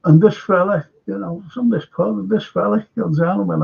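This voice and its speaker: A man's voice: high voice, moderate pace, vocal fry, few pauses, a little mellow, husky, muffled recording. A man with a Scouse accent hosting a live stream, chatting casually in a rambling, stop-start way and reading out viewer comments.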